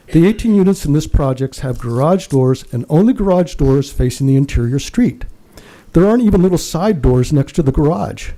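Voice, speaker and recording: A man's voice: medium pitch, dark tone. A man giving a prepared public comment at a city council meeting, earnest and emphatic as he reads from his notes.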